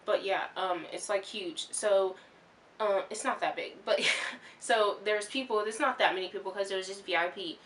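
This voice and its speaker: A young woman telling a story to her vlog viewers in a rambling, excitable way, with lots of fillers and restarts. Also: medium pitch, moderate pace, slight background noise. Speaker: vlogger.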